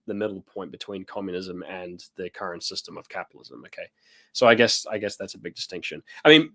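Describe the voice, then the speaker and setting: Hosting a relaxed livestream, this New Zealand man has a voice on the low side with a fairly bright tone. He reads out viewer comments with loose chatter and jokes, full of fillers and restarts.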